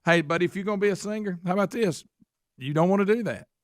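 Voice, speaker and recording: A man rants on a talk-radio show in a slightly high voice. The sound is close and dry, with no room around it. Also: quick pace, no echo. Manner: ranting, mocking quoted voices. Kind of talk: casual talk radio banter.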